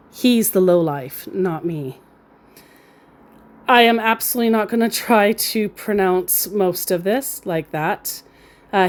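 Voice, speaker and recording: A woman recounting a chat with a scammer in a casual, amused storytelling manner, often laughing. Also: mid-range voice. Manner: slow, amused, reads out quotes with laughs.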